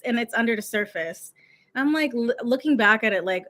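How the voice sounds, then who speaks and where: A woman's voice: on the high side, moderate pace, fairly bright tone. A young woman from the United States, a YouTube coach, chatting in a rambling, giggly vlog style full of "like" fillers. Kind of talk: casual talking-head vlog.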